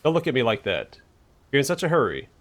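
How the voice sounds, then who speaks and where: A man's voice: mid-range voice, huge pitch swings, fast talker, noisy background. Give me a man reading a playful, greedy young rogue from a game, breezy and teasing.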